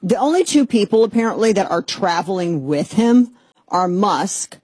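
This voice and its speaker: A woman hosting a talk radio show, speaking in a sarcastic, exasperated monologue with quick asides. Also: medium pitch, lively intonation, darkish tone, slightly rough, no room sound.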